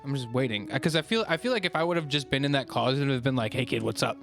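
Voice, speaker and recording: A man's voice: medium pitch, expressive, rapid-fire, fairly bright tone, soft background music. A man playing his character in a tabletop game, thinking aloud and repeating himself. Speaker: player. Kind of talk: casual tabletop play.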